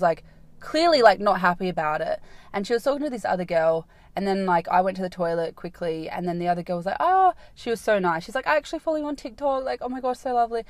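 A woman's voice: fairly low pitch, dry recording. A young woman, hosting a podcast and telling a rambling night-out story, packed with "like" fillers and swearing. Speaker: podcast host. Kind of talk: casual storytelling monologue.

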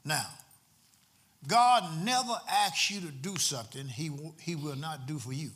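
A man's voice: fairly high pitch, unhurried, a bit bright. A man a sermon as pastor, repeating phrases for emphasis and drawing call-and-response from the congregation.

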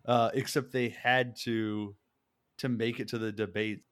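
A man's voice: medium pitch, level tone, a little slow, clean tone, no echo, studio quality. A man chatting casually on a podcast, rambling and laughing often, swearing freely. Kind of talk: casual chat.

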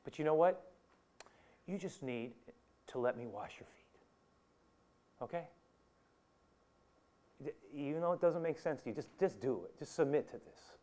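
A man voicing a gentle, patient male teacher who speaks softly and coaxingly. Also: on the high side, fast talker, pitched above the performer's own voice, close to an everyday voice. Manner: soft, calm, coaxing.

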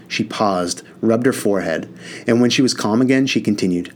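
A man's voice: lowish voice, a little fast. A man reading a first-person novel aloud in an earnest, casual voice with mild swearing. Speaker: audiobook narrator.

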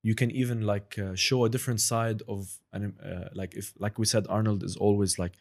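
Rambling young man with a low voice. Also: steady tone, brisk, creaky. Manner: rambling, many fillers and restarts, slips into playful impressions. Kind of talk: casual chat.

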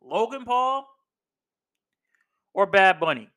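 High-voiced man ranting emphatically. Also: very animated, takes it slowly, a bit bright. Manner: emphatic, slangy, repeats himself, says "bro" a lot. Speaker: podcast host. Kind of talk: casual wrestling opinion rant.

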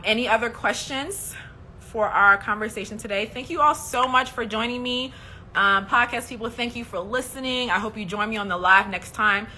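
A woman's voice: medium pitch, pushed and bright, a little hiss or hum. A woman hosting a casual faith livestream, speaking in an emphatic, preachy way and often checking in with "okay?". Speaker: host.

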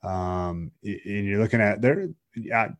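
A man's voice: lowish voice, measured pace, no room sound. A man co-hosting a podcast, talking loosely and casually, full of fillers. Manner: loose, talkative, peppered with "like" and "uh". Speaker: podcast co-host.

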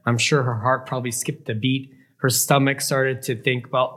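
A man's voice: mid-range voice, flat delivery, normal speed, a bit bright. A man teaching a Bible passage, retelling it with questions to his listeners and acting out the quoted lines. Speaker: preacher.

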